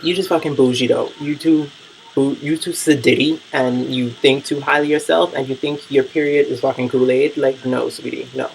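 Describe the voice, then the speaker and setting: A man's voice: medium pitch, steady tone, moderate pace, creaky, slight background noise, low-quality recording. A man vlogging casual reality-TV commentary, blunt, profane and gossipy.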